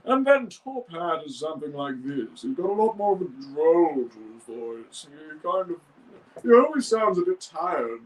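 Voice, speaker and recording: Young man, casual rambling chat, slightly high pitch, distant mic sound. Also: very animated, a little slow. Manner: rambling, many fillers and restarts. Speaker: model-building video host.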